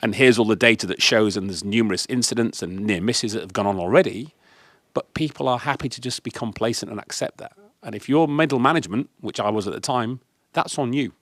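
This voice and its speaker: A man from the UK on a discussion panel, telling emphatic, animated stories about leadership. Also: mid-range voice, brisk, no echo. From United Kingdom. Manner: emphatic, animated anecdotes with acted quotes. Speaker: guest speaker on leadership.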